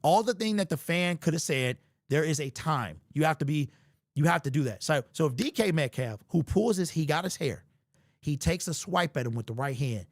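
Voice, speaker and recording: A man's voice: fairly high pitch, moderate pace, no echo, studio quality. A man hosting a casual sports talk show, joking around with big exaggeration and lots of slang. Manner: animated, joking and hyperbolic, slangy.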